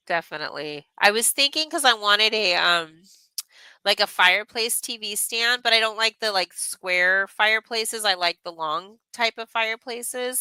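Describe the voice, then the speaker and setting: A woman in her thirties chats loosely on a craft livestream, rambling from topic to topic and answering viewer comments as she goes. Her voice sits low with a gravelly edge, yet sounds bright and smooth. The recording is dry and close. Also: dry recording, rough recording. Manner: rambling, chatty, reads viewer comments aloud. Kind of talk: casual livestream chat.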